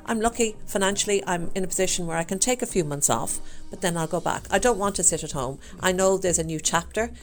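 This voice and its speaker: A woman's voice: on the low side, fast talker, few pauses, soft background music. Chatty Irish woman in her fifties. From Ireland. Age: 50s. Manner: chatty and upbeat, full of fillers. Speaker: challenge participant. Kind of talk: casual chat.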